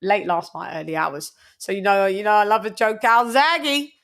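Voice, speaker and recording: A woman hosting a boxing talk stream, chatting casually and giving loud shout-outs, swearing freely. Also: medium pitch, normal speed. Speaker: boxing channel host. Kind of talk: casual livestream chat.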